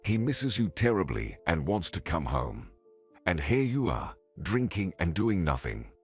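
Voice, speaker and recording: A man's voice: deep voice, sing-song, measured pace, breathy edge, soft background music, heavily acted. A man reading the lines of an earnest, protective woman who pleads and scolds. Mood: scolding.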